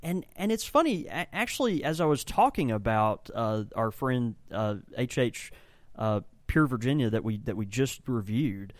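Here a tobacco shop owner who also blends tobacco chats casually for a podcast. His medium-pitched voice is animated and moderately paced, with no echo, and his enthusiastic talk wanders, with sentences often begun again.

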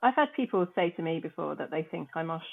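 A woman co-hosting a casual chat, speaking softly and briefly. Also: sits low, animated, quick pace, vocal fry. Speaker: podcast co-host. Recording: tinny phone-like line.

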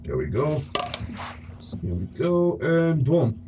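A young man from the Bahamas, co-hosting a podcast, telling a story in a casual, animated way, acting out the panicked quotes. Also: fairly high pitch, takes it slowly, a little hiss or hum. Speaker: podcast co-host.

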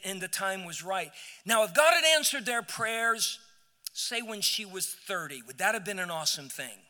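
A man's voice: sits high, sharp tone. A man preaching a sermon, telling a story with many repeated words and rising to emphatic peaks. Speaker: pastor. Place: church sanctuary. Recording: church hall with long reverb.

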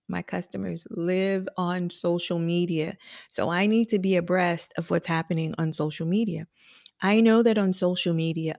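A woman's voice: fairly low pitch, no room sound, clean studio sound. A woman who owns a salon, talking conversationally and with emphasis as she gives business advice on her podcast, often checking in with listeners. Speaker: salon owner and hairstylist educator. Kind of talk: motivational business podcast talk.

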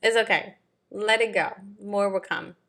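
A woman's voice: medium pitch, unhurried, vocal fry, a bit bright. A young adult woman in casual chat, reflective and encouraging, often murmuring agreement.

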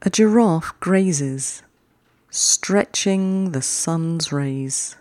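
Poetry podcast host: slow, measured reader with a mellow tone and a dry, close sound, each poem read twice. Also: mid-range voice, no room sound. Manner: reads each short poem twice with long pauses; chatty, quicker sign-off.

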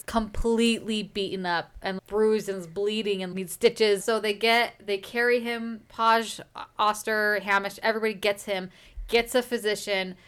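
A woman's voice: medium pitch, fairly bright tone, clear, resonant tone. A woman hosting a book podcast, casually recapping a chapter in a chatty, filler-heavy way. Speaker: book discussion podcast host.

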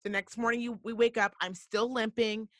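A woman's voice: a little high, moderate pace, dry recording, clean studio sound. Blunt, profane woman telling a story. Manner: profane, blunt, animated retelling. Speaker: podcast host. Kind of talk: casual storytelling.

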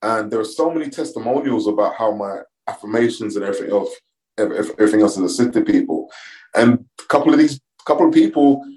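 Mellow-voiced man. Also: fairly low pitch, expressive, low-quality recording. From London, England. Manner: measured, reflective storytelling with frequent ums. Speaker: podcast guest. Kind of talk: casual interview conversation.

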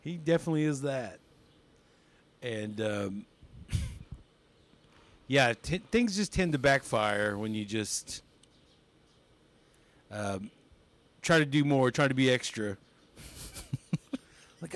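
In a mid-range voice, a young comedian speaks slowly and pauses often as a podcast guest. He tells stories in a laid-back chat, animated throughout and laughing a lot.

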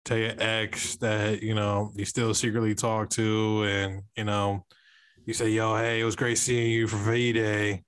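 A man's voice: on the low side, level tone, a little slow, a bit bright, clear, resonant tone, no room sound. A man hosting a podcast in loose, joking chat, often laughing and cursing as he signs off. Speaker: podcast host.

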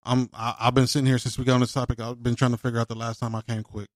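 A man's voice: medium pitch, flat delivery, rapid-fire, dry recording. A man in a casual chat who talks in a laid-back, rambling way, often tacking on "man".

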